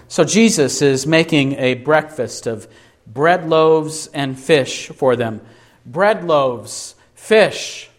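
Delivering a sermon in a medium-pitched voice, a man emphatically and deliberately asks his audience rhetorical questions, then supplies the answers himself.

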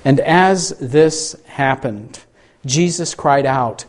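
A man's voice: on the high side, fairly even intonation, measured pace. A man preaching a sermon, speaking earnestly and reading scripture with dramatic emphasis.

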